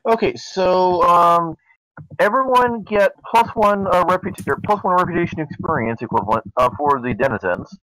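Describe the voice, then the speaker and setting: A man acting as game master, explaining game rules in a matter-of-fact, halting way. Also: high-pitched, animated, bright, forceful tone, no echo, poor audio.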